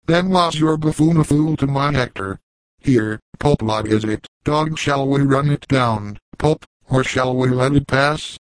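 A man voicing a shrewd old trapper, cool and measured in his old-fashioned way of speaking. The voice sits in a middle register and sounds close and dry, as in a storybook reading. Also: medium pitch, dry recording, lightly acted, poor audio. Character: old veteran male woodsman trapper, calm and shrewd.

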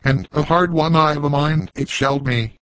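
A man's voice: on the high side, a little slow, fairly bright tone, no echo. A man reading as a scolding frontier mother. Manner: scolding, mutters threats. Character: sharp-tongued frontier mother, woman.

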